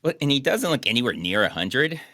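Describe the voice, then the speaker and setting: A man's voice: medium pitch, big pitch swings, brisk, sharp tone, no room sound. A young man hosting a podcast, chatting casually about a movie in a laid-back, dry way. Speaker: podcast host. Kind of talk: casual chat reviewing a movie.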